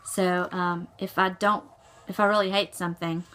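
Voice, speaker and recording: Middle-aged woman, home vlogger, bright voice, chatty and meandering, corrects herself as she goes. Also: lowish voice, flat delivery, normal speed. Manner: chatty, rambling, self-correcting. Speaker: cross-stitch vlogger. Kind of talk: casual chat.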